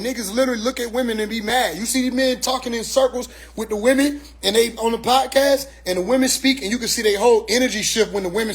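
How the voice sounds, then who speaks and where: A man talking in a casual monologue, blunt and profane, circling back with constant "you see what I'm saying" asides. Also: very high voice. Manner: blunt, profane street talk. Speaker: commentator.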